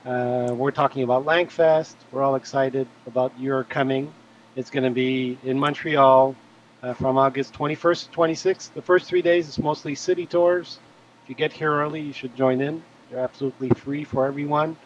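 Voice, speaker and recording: A man hosting a live stream, making relaxed event announcements in a casual chat. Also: medium pitch, moderate pace, dull audio. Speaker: host.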